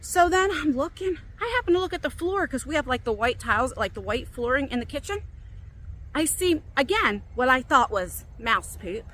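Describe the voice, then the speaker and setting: A middle-aged woman tells a story on her phone while walking outdoors. Her voice sits high and bright, and she jumps even higher when she acts out what she said. A faint hiss of open air runs underneath. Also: normal speed. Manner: animated, quotes herself with big jumps in pitch. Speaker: vlogger. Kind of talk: casual storytelling. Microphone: phone on a selfie stick.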